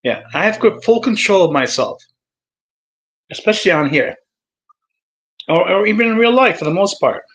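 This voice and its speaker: A man hosting a livestream, talking casually and addressing viewers by name, swinging between calm and heated with lots of fillers and some swearing. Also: high-pitched, normal speed, long pauses, low-quality recording. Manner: many fillers and restarts, swears. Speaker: livestream host.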